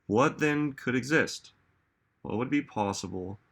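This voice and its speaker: A man's voice: medium pitch, expressive, measured pace, vocal fry, fairly bright tone, husky. A man giving a reflective motivational talk, musing aloud and asking listeners many rhetorical questions. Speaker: self-help speaker.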